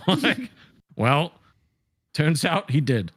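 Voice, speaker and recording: A man's voice: medium pitch, big pitch swings, measured pace, long pauses, a bit bright, no echo. A man joking defensively with co-hosts on a casual livestream panel, rambling with restarts. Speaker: show host.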